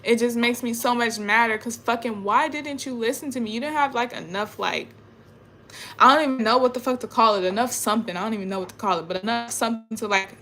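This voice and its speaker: Bright-voiced young woman, emotional rambling monologue. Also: fairly high pitch, fast talker, soft background music. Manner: emotional, rambling, swears often, trails off quietly. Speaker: spiritual vlogger. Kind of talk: casual personal monologue.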